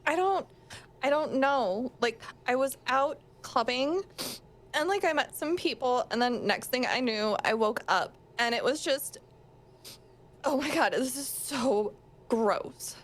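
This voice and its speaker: A woman's voice: high-pitched, animated, a little slow. A woman playing a squeamish young clubber lost in a sewer, whining and stuck on "like". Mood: lost, upset. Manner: whiny, squeamish, full of "like".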